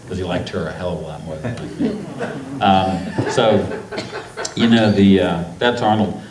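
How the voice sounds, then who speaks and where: Onstage at a festival, a middle-aged author from North Carolina tells rambling, emotional anecdotes to a live audience, acting out quotes. His low voice is animated and unhurried, and the echoey hall carries crowd sounds and faint noise.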